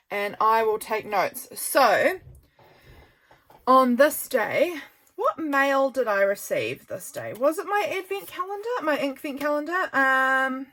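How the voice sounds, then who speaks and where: A woman's voice: a little high, a bit bright. Woman, vlogger, casual chat, rambling, many fillers, tired, home desk. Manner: chatty, rambling, lots of fillers. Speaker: journaling vlogger. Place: home desk by a sunny window.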